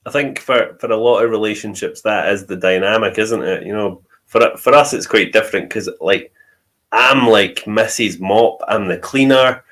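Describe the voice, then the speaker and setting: A man's voice: lowish voice, moderate pace, fairly bright tone. A man with a Scottish accent telling personal stories in a casual chat, often laughing as he talks. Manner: storytelling, laughs often while talking.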